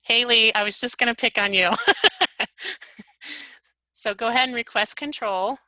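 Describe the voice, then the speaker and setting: Woman presenter, bright tone, dry room, upbeat instructional delivery. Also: a little high, steady tone, normal speed, no echo, rough recording. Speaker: webinar presenter. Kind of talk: software tutorial webinar.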